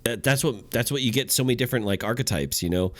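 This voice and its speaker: A man's voice: mid-range voice, fast talker, fairly bright tone, no echo. A man co-hosting a podcast in casual chat, easygoing, with many fillers. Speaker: podcast co-host.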